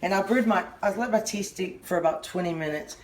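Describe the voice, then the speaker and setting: A middle-aged woman with a Southern US accent giving a casual kitchen how-to, rambling and halting, often stopping mid-sentence to restart. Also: medium pitch. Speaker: home cooking channel host.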